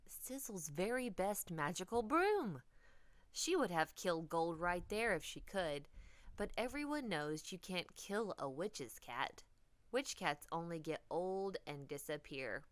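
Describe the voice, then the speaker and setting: A woman reading a children's storybook aloud, expressive and dipping into whispers for drama. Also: lowish voice, measured pace, no echo.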